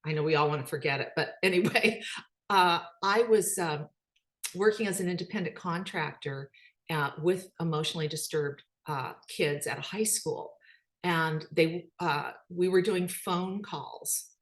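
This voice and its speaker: A middle-aged woman telling a story in a talk, animated and acting out the dialogue, with many ums and uhs. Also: lowish voice, measured pace. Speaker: speaker.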